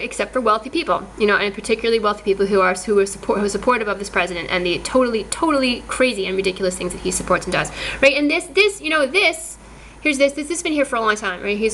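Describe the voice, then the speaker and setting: Woman vlogger, agitated stop-start talk, slightly high and bright, faint background hiss. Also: poor audio. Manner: agitated, repeats and restarts words often. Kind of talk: casual monologue to camera.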